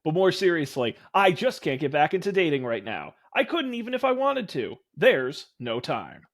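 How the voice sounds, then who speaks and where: A man's voice: on the high side, very animated, normal speed, fairly bright tone, exaggerated voice. A man voicing a friendly, laid-back dad from a dating game, reading his lines in an earnest, easygoing way.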